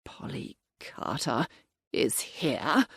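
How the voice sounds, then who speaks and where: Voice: mid-range voice, very animated, drawn-out words, fairly bright tone, husky, dry recording, clean studio sound, exaggerated voice. A narrator voicing a frightened, breathless elderly viscount in an audiobook, gasping out his lines. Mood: panicked. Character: panicking, wheezing old male viscount.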